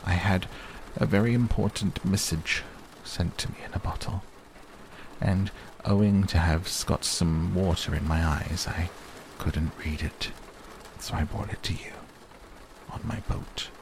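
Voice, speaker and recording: Growly, proud little storybook bear, read by a man, low and gravelly. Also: fairly even intonation, unhurried, low-quality recording. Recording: faint rain noise behind.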